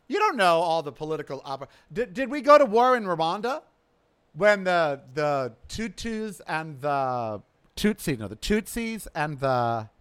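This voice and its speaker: A man hosting his podcast, delivering a sarcastic, ranting political monologue that swings from loud outbursts to low mutters. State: coughing from smoke in throat. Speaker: podcast host. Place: outdoors.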